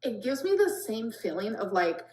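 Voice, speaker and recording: A woman's voice: on the high side, very animated, moderate pace, a little mellow. A woman answering viewer questions in a casual vlog, plain and matter-of-fact. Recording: roomy echoing clip.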